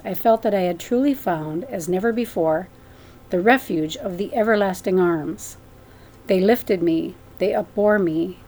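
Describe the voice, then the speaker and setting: Female audiobook narrator, earnest and measured, reads a devout memoir at a mid pitch. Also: a little mellow. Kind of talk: audiobook reading of a first-person memoir.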